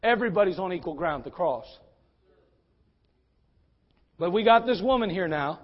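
Male pastor, high voice, fiery sermon delivery, muffled lo-fi sound. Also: animated, normal speed. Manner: fiery, swings from quiet to shouting.

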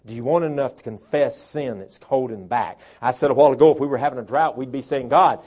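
A man preaching a sermon as pastor, dropping to quiet talk and rising to shouted preaching. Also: mid-range voice, fast. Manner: swings from soft talk to shouted preaching, imitates a chainsaw.

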